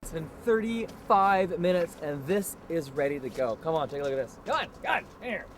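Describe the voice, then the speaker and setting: A man hosting an outdoor grilling show, talking through a recipe in a hammy, excitable way and hollering over the food. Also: a little high, brisk, music in the background. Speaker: cooking show host. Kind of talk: upbeat cooking demo chat.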